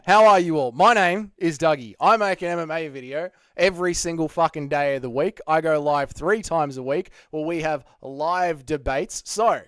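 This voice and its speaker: A man's voice: a little high, a bit bright, clear, resonant tone, dry recording, studio quality. A young Australian man hosting a casual livestream, reading the chat aloud, joking and swearing freely. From Australia (Melbourne). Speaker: MMA channel host.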